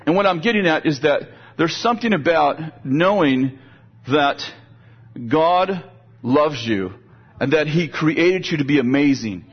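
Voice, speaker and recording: A man's voice: a little high, lively intonation, unhurried, breathy edge. An older man preaching a sermon in a conversational way, often repeating words as he builds a point. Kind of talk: sermon with storytelling. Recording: dull, lo-fi sound.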